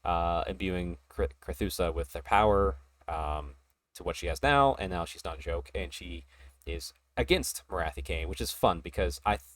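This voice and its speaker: A man hosting a casual hobby podcast, talking in an excited, rambling way and laughing often. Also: deep voice, normal speed, no room sound. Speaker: podcast host.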